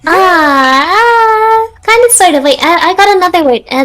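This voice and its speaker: A high-voiced woman with a light German accent chats casually as a guest. She hesitates often, filling pauses with ums and uhs. Faint music sits behind her. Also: expressive, a bit bright. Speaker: guest streamer. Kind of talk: casual chat.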